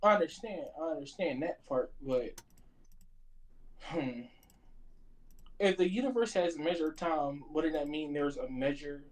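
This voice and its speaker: A man's voice: fairly high pitch, measured pace, long pauses, poor audio. A man calling in to a casual debate, hesitant and apologetic, often stopping to search for words. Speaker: caller.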